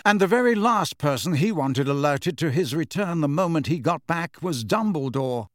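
A man voicing a calm, wry middle-aged teacher who speaks with quiet satisfaction. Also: on the high side, normal speed, no room sound, clean studio sound, pitched above the performer's own voice, lightly acted. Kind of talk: audiobook character voice.

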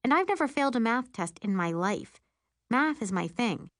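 A woman narrating a first-person audiobook in an expressive, wry storytelling manner. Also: on the high side, moderate pace, dry recording, studio quality.

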